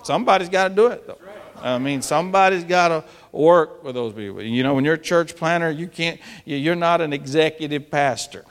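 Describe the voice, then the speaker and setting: A man preaching a sermon to church planters, animated and dramatic, acting out anxious prayers in sudden bursts. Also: fairly high pitch, fairly quick. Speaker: pastor. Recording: long reverb of a large hall.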